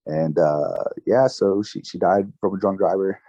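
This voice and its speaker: A man in his twenties, a podcast guest, telling a personal story in a casual, halting way with many fillers and restarts. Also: low-pitched, mellow, no room sound. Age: 20s. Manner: emotional, recounting grief.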